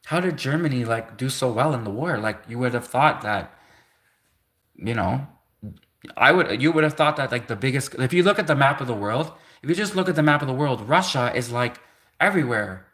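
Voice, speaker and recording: A man's voice: mid-range voice, lively intonation, brisk, fairly bright tone. A man in his thirties on a livestream, rambling casually with lots of fillers and restarts. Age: 30s. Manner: rambling, many restarts and "like" fillers, laughs between thoughts. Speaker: livestream host.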